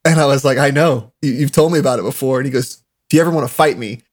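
A young man telling animated stories in a casual chat, laughing often. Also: medium pitch, fast. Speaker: podcast co-host.

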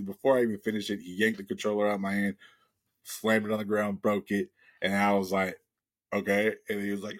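A man's voice: on the low side, level tone, fast talker. A man hosting a podcast, telling a long profane story in casual chat and acting out the voices of the people in it. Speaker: podcast host.

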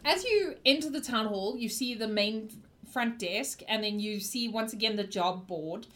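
A woman narrating a tabletop role-playing game as game master, chatty and quick to laugh, thanking viewers between scenes. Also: fairly high pitch, fairly bright tone.

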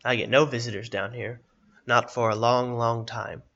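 A man voicing a blind, coughing old hermit with a raspy, muttering voice. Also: mid-range voice, little pitch movement, moderate pace, fairly bright tone, dull audio. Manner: muttering, wheezy.

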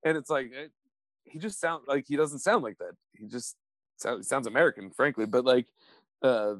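A man's voice: mid-range voice, normal speed, fairly bright tone, dry recording. Playful, laughing male podcast co-host. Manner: laughing, swearing, playful impressions. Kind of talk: casual chat.

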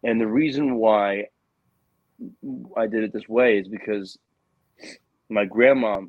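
A man's voice: on the low side, takes it slowly, no room sound, narrow, tinny audio. A young adult man telling a personal story in casual conversation, earnest and rambling with many restarts.

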